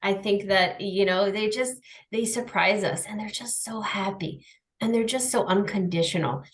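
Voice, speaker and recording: A woman in casual podcast chat who acts out lively little scenes with her pets, talking over a video call. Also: mid-range voice, normal speed. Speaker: podcast guest.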